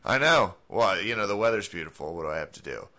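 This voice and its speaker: A man co-hosting a podcast in casual chat, joking and animated, with a cold. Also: fast. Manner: animated, joking, swings pitch a lot. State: has a cold. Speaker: podcast co-host.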